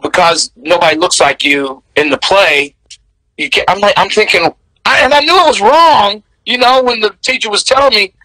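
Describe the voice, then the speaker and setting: A man, a guest telling stories in a candid, animated way. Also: high-pitched, moderate pace, no room sound, low-quality recording. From American South. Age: 60s. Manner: animated, candid, laughs between memories. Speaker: interview guest. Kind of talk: storytelling in casual interview.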